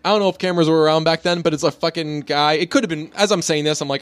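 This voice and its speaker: A man's voice: fairly high pitch, fairly even intonation, quick pace, clear, resonant tone, no room sound. Profane chatty man, dry sound. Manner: profane, rambling, jokey. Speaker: podcast co-host. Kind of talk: casual comedic chat.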